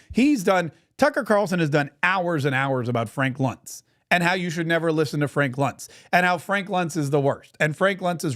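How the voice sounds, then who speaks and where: Male commentary host with a high voice, mocking and emphatic delivery. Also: a bit bright. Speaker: podcast host. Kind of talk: political commentary.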